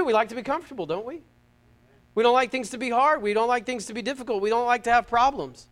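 A man from the United States preaching a sermon, fervent and emphatic, swinging between loud peaks and quiet asides and repeating his phrases. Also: very high-pitched, fast talker. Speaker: pastor.

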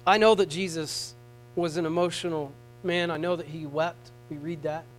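A man preaching a sermon to a congregation, moving between soft, tender passages and raised, pleading appeals. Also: a little high, fairly even intonation, normal speed, poor audio. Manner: swings from hushed tender tones to raised pleading.

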